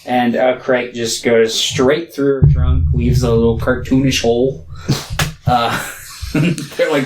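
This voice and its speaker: A man's voice: mid-range voice, fairly even intonation, measured pace, slight background noise. Laid-back rambling man in a roomy room. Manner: rambling, laid-back, lots of filler words. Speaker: podcast co-host. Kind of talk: casual movie recap chat.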